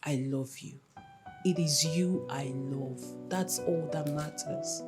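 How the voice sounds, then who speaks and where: A woman's voice: fairly low pitch, expressive, unhurried, loud music behind the voice. A Nigerian actress playing a young woman who coaxes and reassures her jealous boyfriend in a film drama. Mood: firm, tender. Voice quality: coaxing, pleading.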